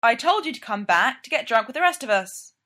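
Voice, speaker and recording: Woman doing young male tech boss, clipped, blunt, bright voice, audiobook. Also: on the high side, big pitch swings, brisk. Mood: curt. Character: terse, commanding young male tech founder.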